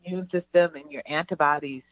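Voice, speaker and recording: A woman's voice: low-pitched, steady tone, a little fast. Woman co-host over a tinny phone line. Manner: loose, hesitant, thinking aloud. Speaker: radio co-host, real estate agent. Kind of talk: casual on-air chat.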